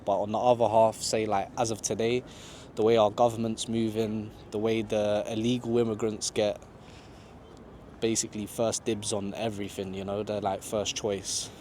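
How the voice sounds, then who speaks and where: A man answering interview questions outdoors in a relaxed, conversational way. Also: lowish voice, normal speed, slight background noise. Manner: laid-back, conversational, lots of "you know". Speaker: travel vlogger being interviewed. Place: outdoors in a city park.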